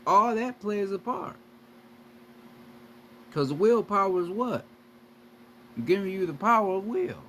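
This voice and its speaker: A man's voice: high-pitched, lively intonation, takes it slowly, long pauses, a bit bright, a little hiss or hum. A man giving a profane, repetitive spiritual lecture straight to his viewers as a video creator. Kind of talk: preachy lecture to camera.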